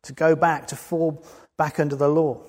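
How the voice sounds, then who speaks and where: A preacher delivers his sermon with earnest conviction, rising to emphatic peaks. His voice sits a little high for a man. The sound carries a long reverb from a large hall. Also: little pitch movement, moderate pace.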